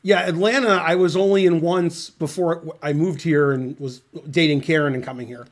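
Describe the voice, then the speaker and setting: A man's voice: on the high side, fairly even intonation, normal speed. Rambling, dry-humored man commentating chess. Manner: rambling, dry, digressive storytelling. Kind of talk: casual live chess commentary.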